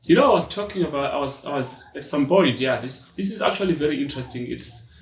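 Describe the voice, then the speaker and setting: A man's voice: on the high side, animated, fast talker. A man with a South African accent, co-hosting a podcast, telling a story in a casual chat and acting out the voices of the people in it. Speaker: podcast co-host. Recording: echoey room.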